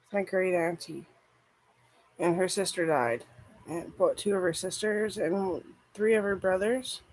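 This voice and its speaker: A woman's voice: fairly low pitch, a little slow, a little mellow, poor audio. A woman vlogger chatting casually and rambling, swearing freely and filling her talk with "like". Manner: rambling, profane, frequent "like".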